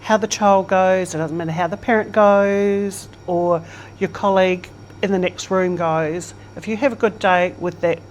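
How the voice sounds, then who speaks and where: An older woman with a fairly low voice talks through an interview in a relaxed, reflective way, quick to laugh. Faint ambient noise sits under her voice. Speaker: interview guest. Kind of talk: casual conversation.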